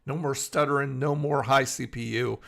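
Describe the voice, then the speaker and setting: Gravelly middle-aged man chatting from bed. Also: mid-range voice, steady tone, normal speed, a bit bright. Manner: rambling, chatty, answers viewers by name. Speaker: live stream host. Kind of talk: casual live-stream chat, reading chat aloud. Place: in bed at home.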